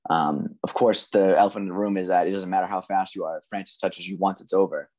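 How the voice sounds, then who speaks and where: A man co-hosting a casual podcast, breaking down fights in a measured, analytical way with frequent ums. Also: deep voice, fairly even intonation, darkish tone. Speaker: podcast co-host.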